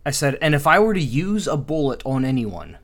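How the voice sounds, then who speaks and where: A young adult man in casual chat, retelling a book scene with many ums and uhs and quick acted-out lines. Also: on the high side, big pitch swings. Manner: rambling retelling with many fillers, acting out dialogue.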